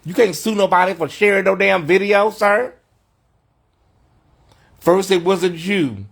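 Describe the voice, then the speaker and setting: A man with a somewhat high voice hosts an off-the-cuff livestream from a hotel room. He talks in a sassy, mocking way and calls people honey. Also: measured pace, gravelly, fairly bright tone, slightly rough. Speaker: host of a livestream commentary show. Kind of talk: unscripted livestream commentary.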